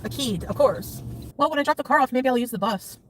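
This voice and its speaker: A woman's voice: high-pitched, fast. A woman chatting casually and rambling as a livestreamer, confiding stories and laughing often. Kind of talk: casual chat. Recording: distant mic with loud traffic noise.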